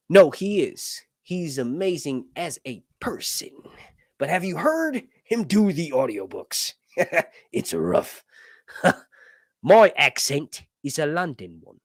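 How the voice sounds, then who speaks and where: Man, livestream host, casual chat, rambling, self-interrupting, joking, swears offhandedly, very lively pitch. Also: dry recording, studio quality. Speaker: YouTube channel host.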